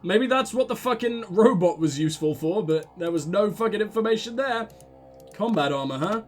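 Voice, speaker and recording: A man hosting a let's play, commenting excitedly with joking, profane asides. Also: high-pitched, normal speed, faint music behind. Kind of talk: gaming commentary.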